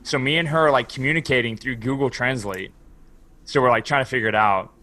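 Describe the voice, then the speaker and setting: A man from Houston, Texas, spins a long story as a podcast guest, rambling and swearing freely with "like" in nearly every phrase. His voice sits at an ordinary middle pitch, and he slips into the voices of the people he quotes. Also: quick pace, pushed and bright. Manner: rambling, profane, heavy use of "like"; acts out quoted dialogue. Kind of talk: casual storytelling chat.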